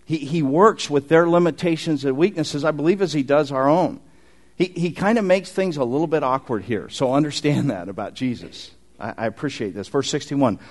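A middle-aged man preaching a sermon as pastor, conversational and animated, with asides to the congregation. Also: on the high side.

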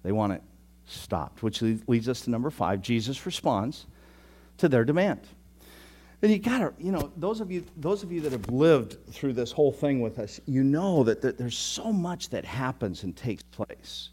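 A man preaching a sermon as pastor, teasing his listeners and telling the story with lively, sudden loud bursts. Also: mid-range voice, normal speed, slightly rough.

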